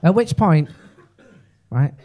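A man with a Liverpool accent performing a stand-up set in a comedy club, telling a story fast, full of "right?" and swearing. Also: fairly high pitch, lively intonation, lo-fi sound.

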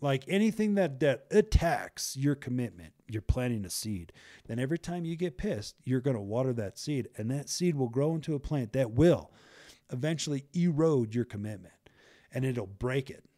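A man co-hosting a relaxed advice conversation, leaning on repetition and casual slang to drive his points home. His voice is mellow and dark in tone, recorded dry and close. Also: mid-range voice, normal speed, no room sound. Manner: emphatic, repetitive, uses slang fillers. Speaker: podcast co-host.

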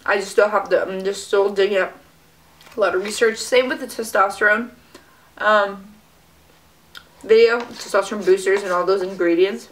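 A woman's voice: medium pitch, steady tone, moderate pace, pauses often. A young woman chatting casually while she eats, with frequent fillers and little "mm" sounds. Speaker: fitness vlogger. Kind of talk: casual mukbang chat to camera.

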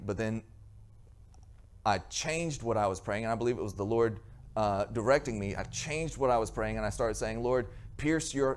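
A man preaching a sermon as pastor, earnest, with frequent restarts and rhetorical questions to the congregation. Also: on the low side.

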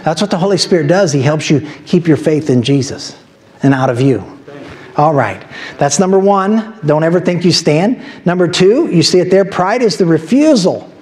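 A man's voice: on the high side, lively intonation, moderate pace, a little mellow. A man pastor preaching a sermon in a church, teaching from scripture and building to emphatic exhortation. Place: church sanctuary.

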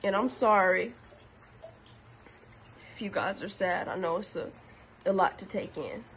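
A woman's voice: fairly low pitch, lively intonation, normal speed, slight background noise. A tearful woman giving an earnest personal video message, often repeating herself for emphasis. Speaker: actress.

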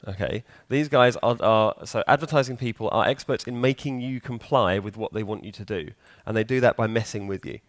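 A man's voice: on the low side, a little fast, few pauses, no echo, clean studio sound. A man giving a conference talk in a conversational way, often putting questions to the audience. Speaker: conference speaker. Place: conference hall.

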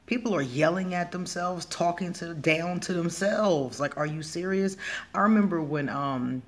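A man's voice: a little high, normal speed. A man giving blunt, emphatic advice as a spiritual healer in a casual vlog monologue.

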